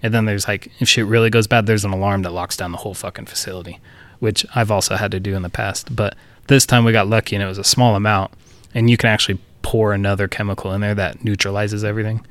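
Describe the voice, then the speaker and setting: A man's voice: fairly low pitch, fairly even intonation, fast, fairly bright tone. A man co-hosting a podcast, telling a workplace story in a loose, profane, chuckling way. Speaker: podcast co-host. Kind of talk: casual storytelling chat.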